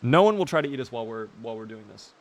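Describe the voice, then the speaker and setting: A man's voice: mid-range voice, expressive, rapid-fire. A man streaming a game live, chatting casually, teasing his character and answering his chat.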